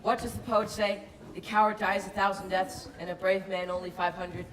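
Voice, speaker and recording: An actor playing a smooth-talking traveling con man who poses as a professor, courtly and persuasive, heard in a roomy, distant, noisy old film soundtrack. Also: high-pitched, level tone, normal speed, a bit bright.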